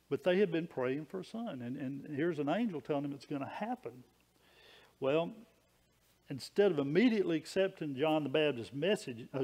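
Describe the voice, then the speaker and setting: A man's voice: on the high side, a little mellow, husky. Folksy man preaching. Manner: folksy, conversational preaching with small stories and restarts. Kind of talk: sermon.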